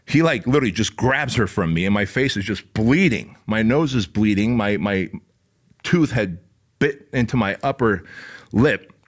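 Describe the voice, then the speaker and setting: A man hosting his own podcast, telling a wild personal story in a casual, profane, animated way, full of "like" and "bro.". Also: fairly low pitch, normal speed. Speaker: podcast host.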